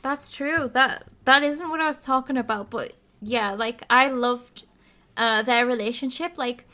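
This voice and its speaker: A woman's voice: a little high, unhurried. A woman podcast host, casually retelling a video game story with lots of laughter. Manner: animated storytelling, laughs often.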